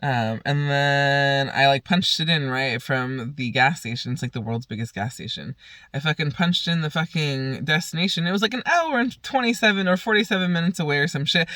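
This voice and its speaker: A man's voice: on the high side, animated, fairly quick, pushed and bright, no echo. A young man casually telling a rambling, profane story on his vlog, often laughing. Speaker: vlogger.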